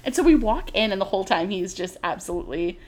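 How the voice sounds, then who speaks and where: A young woman co-hosting a podcast tells a story in casual chat, full of laughter and acted-out quotes. Her medium-pitched voice is animated, fast, and a little mellow.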